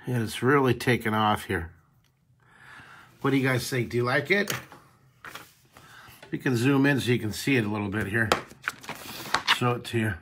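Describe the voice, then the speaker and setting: A man's voice: mid-range voice, normal speed, long pauses, fairly bright tone, slight background noise. Upbeat man teaching a drawing livestream. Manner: chatty and upbeat, talking to viewers while sketching; reads and answers live chat comments. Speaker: drawing teacher and show host. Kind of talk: live-streamed drawing lesson.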